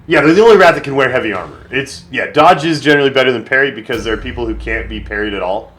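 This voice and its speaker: A man's voice: mid-range voice, expressive, rapid-fire, a bit bright. A man streaming a video game, chatting casually and thinking aloud with lots of fillers. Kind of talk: casual live gameplay commentary.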